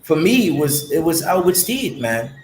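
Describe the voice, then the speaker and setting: A man's voice: a little high, slight background noise. Brief: male ex-cricketer, laid-back reminiscing, light voice, roomy recording. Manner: relaxed, drawn-out, says man often. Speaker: former cricketer. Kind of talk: casual reminiscing chat.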